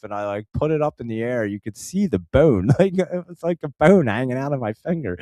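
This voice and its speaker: A man's voice: medium pitch, lively intonation, a little fast, hardly any pauses, dark tone, no room sound, studio quality. A man telling a casual story in a rambling way, full of fillers and restarts. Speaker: stock channel host.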